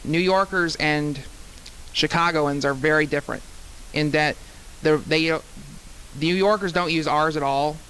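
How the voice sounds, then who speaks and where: A man's voice: a little high, unhurried, fairly bright tone, slight background noise, poor audio. A man, a student actor, chatting casually in an interview, rambling with many restarts.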